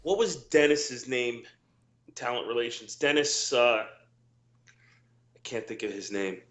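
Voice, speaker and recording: A man's voice: medium pitch, measured pace, a bit bright, roomy sound. A middle-aged man, a former wrestler, telling rambling anecdotes full of quoted dialogue in a casual interview.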